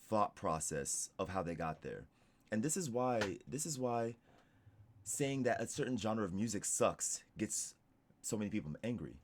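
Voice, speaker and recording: A young man streaming casual reaction commentary, rambling with lots of "like" and restarts. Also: fairly low pitch. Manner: rambling, heavy use of "like" and restarts.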